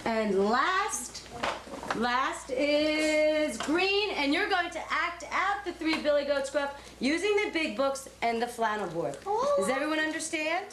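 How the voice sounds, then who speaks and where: A woman kindergarten teacher reading a story aloud to children in a classroom, slow, sing-song and encouraging. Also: sits high, animated. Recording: echoey classroom on noisy old tape.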